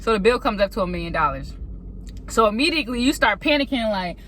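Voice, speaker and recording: A woman telling a casual, animated faith story as a vlogger, sometimes acting out panicked voices. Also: on the high side, fast. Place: indoors at a laptop.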